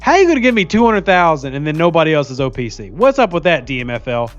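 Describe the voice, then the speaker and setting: The audio is dull, with soft background music, and the man's fairly high, sing-song voice moves fast. He's casually chatting on a live stream while playing a mobile game, cracking jokes, laughing frequently, and reading viewer comments aloud.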